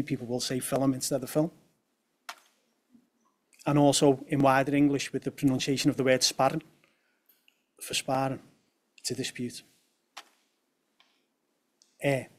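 Man giving a lively talk with asides. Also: mid-range voice. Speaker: speaker at a talk on language. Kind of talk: presenting a talk.

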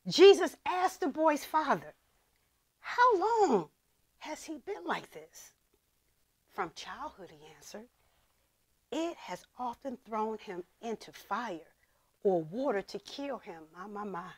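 A woman pastor preaching a sermon, reading scripture with dramatic emphasis and dropping to a hush for asides. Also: mid-range voice, sing-song, unhurried, husky. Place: church.

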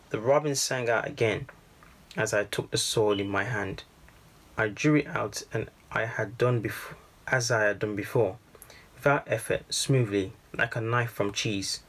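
A man reading a first-person storybook aloud in a calm, measured way. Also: fairly low pitch. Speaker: storybook reader.

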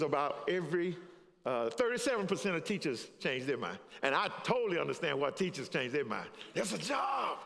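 Older male pastor preaching in a reverberant church. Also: extremely high pitch. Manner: confessional storytelling, chuckling through it; swings from hushed to raised, preacherly. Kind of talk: sermon with personal testimony. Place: church sanctuary. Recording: long hall reverb in a church.

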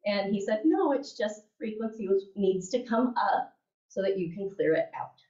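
A woman with a warm, mid-range voice and normal speaking speed teaches a class, spinning a chatty story and frequently asking her listeners "okay?" and "right?". She's the class instructor, recorded from a distance in an echoey room with dull sound.

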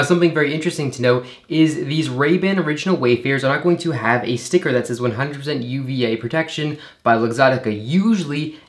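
A man giving a calm, methodical voice-over as he compares two products side by side. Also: mid-range voice. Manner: methodical, calm, repeats "going to be". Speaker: product reviewer. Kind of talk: unboxing voice-over. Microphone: shotgun mic.

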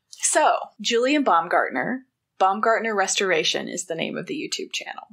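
A woman co-hosting a podcast in casual chat, telling a story with wry, animated asides. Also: mid-range voice, normal speed, vocal fry, slightly rough. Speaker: podcast co-host.

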